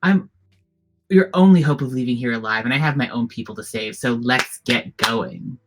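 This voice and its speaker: The game master voicing a brisk, self-assured spellcaster who makes curt, urgent demands. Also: mid-range voice, music in the background, natural voice.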